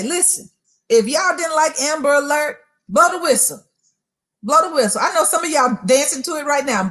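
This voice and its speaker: A woman with a high, bright-pitched voice delivers a preaching-style motivational talk. Her pitch swoops and leaps with great animation, and she hammers her points home by repeating phrases and calling out to listeners directly. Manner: emphatic, repeats phrases for emphasis; addresses listeners directly and rhetorically. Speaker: motivational speaker.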